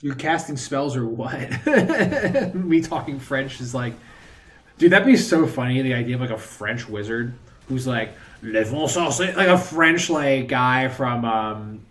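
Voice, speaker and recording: A man's voice: mid-range voice, animated, measured pace, a bit bright. A man chatting casually while streaming a game, rambling between thoughts and throwing in mocking asides. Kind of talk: casual gaming stream chat.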